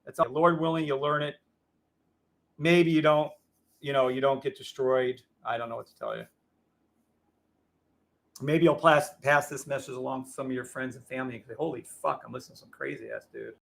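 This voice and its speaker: A man hosting a live trading show, ranting in a loud, profane, combative way to his viewers. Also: medium pitch, steady tone, moderate pace, pauses often. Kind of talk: heated livestream rant.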